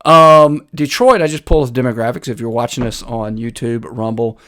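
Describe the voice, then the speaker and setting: A man speaks with a North Carolina Piedmont Southern accent in a middle-pitched voice. He hosts a live political commentary stream, talking casually and opinionatedly with plenty of filler words. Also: fairly quick, fairly bright tone, clean tone. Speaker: host.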